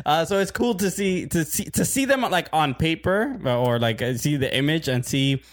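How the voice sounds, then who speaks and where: A man's voice: on the high side, animated, normal speed. A man co-hosting a soccer podcast in casual chat, a stand-up comic who laughs often and restarts his sentences with nervous repeats. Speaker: podcast co-host.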